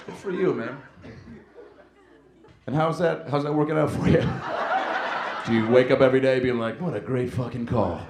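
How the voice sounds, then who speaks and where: A man's voice: medium pitch, normal speed, long pauses, reverberant. A man doing stand-up crowd work, teasing an audience member in profane, incredulous language. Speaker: stand-up comedian. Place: comedy club stage.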